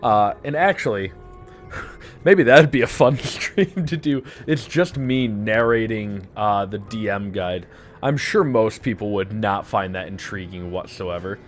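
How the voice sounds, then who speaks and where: Young man, lisp, low voice, rambling game-stream chat, faint music behind. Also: unhurried. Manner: rambling, joking, punning, many fillers. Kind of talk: casual live-stream commentary.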